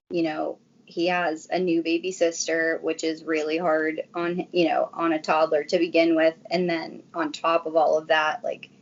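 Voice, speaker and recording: A young woman, a guest on a casual chat show, telling a personal story in a chatty way full of "like"s. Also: low voice. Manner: chatty, filler-heavy storytelling with many "like"s. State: briefly tearful. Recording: dull lo-fi sound.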